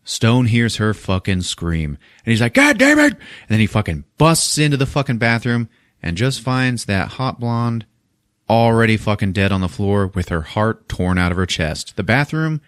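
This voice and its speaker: A man's voice: lowish voice, normal speed, clean tone, dry recording, clean studio sound. A man hosting a podcast, recapping a film in casual chat and acting out its characters with lots of swearing. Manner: animated storytelling, acting out characters with profanity.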